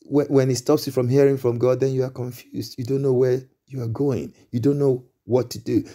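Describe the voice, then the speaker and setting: Mellow-voiced male preacher, stammering restarts. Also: mid-range voice. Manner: emphatic exclamations. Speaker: pastor. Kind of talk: sermon.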